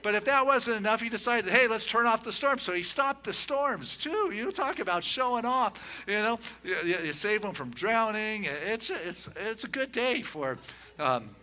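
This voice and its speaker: A man giving a conversational sermon as a minister, telling a story in a folksy way with many "you know" asides and slowing down on his key points. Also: sits high, sing-song, bright, forceful tone. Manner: slows and rises on key points.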